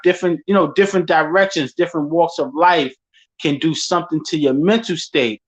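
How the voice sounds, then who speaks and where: A man's voice: on the high side, fast. A man hosting a casual talk, speaking in laid-back street slang and telling stories from his life. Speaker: podcast host. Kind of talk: casual chat. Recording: dull lo-fi sound.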